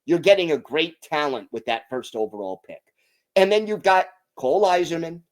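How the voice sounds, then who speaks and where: A man hosting a hockey podcast, giving his opinions in an emphatic, deliberate way. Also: fairly high pitch, big pitch swings. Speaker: podcast host.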